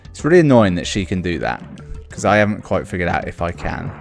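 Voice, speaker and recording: A man's voice: sits low, sing-song, fast talker, gravelly, faint music behind. A man giving casual let's play commentary on a video game, with dry, sarcastic asides.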